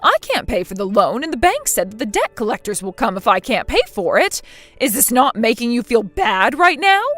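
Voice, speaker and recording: A woman voicing a spiteful, domineering older mother-in-law in a scripted text-message drama, scolding harshly and loudly. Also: fairly high pitch, very animated, normal speed, soft background music.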